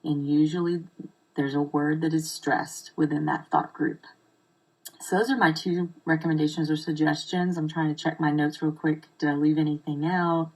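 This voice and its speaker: A woman giving an informal live video lesson as an accent modification coach, explaining step by step with slow, deliberate examples. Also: sits low, level tone, a little mellow, breathy edge, rough recording.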